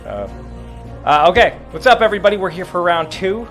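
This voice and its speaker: A man's voice: high voice, very animated, brisk, a bit bright. Man, tipsy streamer, playful self-mocking banter, music playing behind. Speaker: streamer carving pumpkins. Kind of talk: casual livestream banter.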